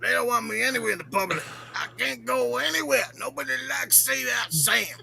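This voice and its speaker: A gravelly, shouting foul-mouthed crank. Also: male voice, very high voice, fairly quick, a little hiss or hum, exaggerated voice. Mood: ranting. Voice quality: dry, gravelly voice. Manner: shouting, profane, boastful rants. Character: crude loudmouth older man ranting, foul-mouthed. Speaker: regular show character answering questions. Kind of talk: comedic podcast character bit.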